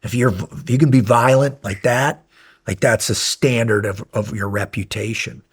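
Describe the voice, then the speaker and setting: A former Navy SEAL in his fifties tells stories as a guest in a casual podcast interview, sometimes animated and sometimes sinking into quiet intensity. His voice is mid-range with a breathy edge, and he speaks at a moderate pace.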